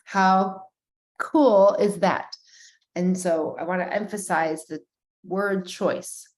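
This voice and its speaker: Gentle, slow-paced woman guiding breathwork. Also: fairly low pitch, fairly even intonation. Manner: slow, gentle and soothing, with pauses and restarts. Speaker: breathwork guide. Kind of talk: guided breathwork session.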